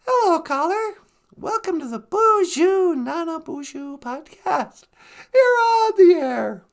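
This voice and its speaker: A man's voice: very high-pitched, sing-song, slow, vocal fry, pitched above the performer's own voice, full character voice. A man voicing a cheerful, sing-song woman co-host who explains words like a teacher. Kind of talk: comedy sketch.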